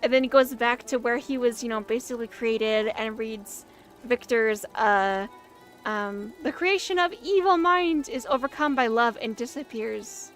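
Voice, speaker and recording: A young woman casually chatting while reacting to a silent film, rambling excitedly and filling her talk with "like". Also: on the high side, a little slow, faint music behind. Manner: rambling and excitable, heavy use of "like".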